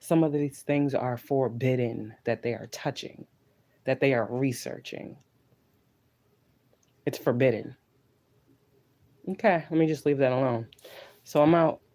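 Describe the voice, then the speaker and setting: Man, tarot reader, mellow mid-pitched voice, casual and profane, chants lists. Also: measured pace, long pauses. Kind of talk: casual spiritual pep talk.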